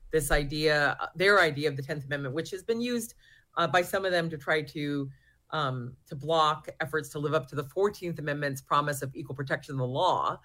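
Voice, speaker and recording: Being interviewed as a guest, the founder of a research group gives earnest answers, often restarting and using fillers. She has a deep voice with a slightly bright quality.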